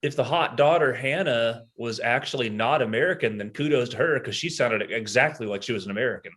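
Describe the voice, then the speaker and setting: A man co-hosts a podcast, thinking out loud and speculating. He starts his sentences hesitantly and speaks at a middle pitch. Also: brisk. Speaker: podcast co-host. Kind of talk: casual chat.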